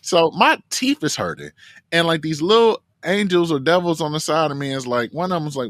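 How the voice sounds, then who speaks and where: A man telling a story as an interview guest, animated and full of "like" fillers. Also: on the high side, fairly quick, no echo. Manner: animated, filler-heavy with frequent "like". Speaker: guest, marathon runner and coach.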